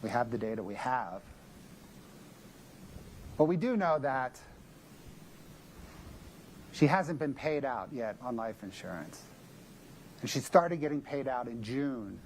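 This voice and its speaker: A male prosecutor delivers a closing argument in a courtroom, laying out each point in a measured, emphatic way. His voice sits at a middle pitch. A faint hiss lies under it. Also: lively intonation.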